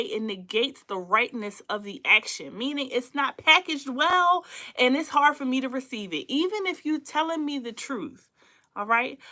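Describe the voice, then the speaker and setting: A woman hosting a casual teaching livestream on relationships, animated and preachy, laughing often. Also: high-pitched. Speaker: host of a relationship talk show.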